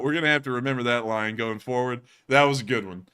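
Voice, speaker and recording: A man hosting a livestream Q&A, casual and quick to laugh, repeating the same sign-off phrases. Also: medium pitch, bright, forceful tone, clean tone. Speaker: host.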